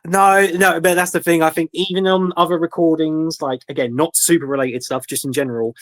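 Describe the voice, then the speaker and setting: A man's voice: on the high side, fairly even intonation, a little fast, fairly bright tone. A young man co-hosting a casual podcast chat, rambling and joking with lots of fillers. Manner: rambling, jokey, many fillers and laughs. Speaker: podcast co-host.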